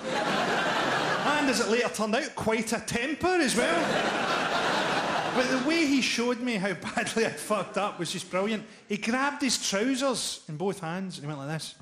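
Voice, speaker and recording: A comedian in his forties with a high voice works a live crowd, deadpan and profane. His jokes are dark and delivered dry into a handheld mic. Faint ambience sits behind him. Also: measured pace, background noise. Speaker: stand-up comedian. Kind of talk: stand-up routine. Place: live comedy venue with audience laughter.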